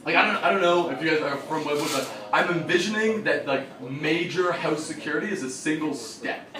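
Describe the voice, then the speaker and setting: A young man performing a stand-up comedy set with an excitable, swearing delivery, acting out kids and other voices. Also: fairly high pitch, fairly quick, recorded from a distance. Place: small bar stage with live audience. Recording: roomy bar recording from afar, crowd laughter.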